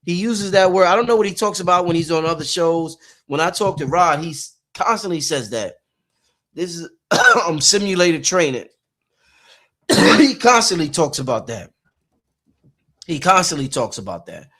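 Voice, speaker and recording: A man's voice: on the high side, animated, normal speed, long pauses, bright, forceful tone. A man giving an emphatic, repetitive, profane spiritual pep talk as a podcast host.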